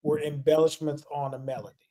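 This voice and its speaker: A man with a slightly raised voice, co-hosting a casual livestream panel about music. He is an animated storyteller who laughs his way through his tales. He talks over a remote call mic. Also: a little high, fast talker. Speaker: music teacher and co-host.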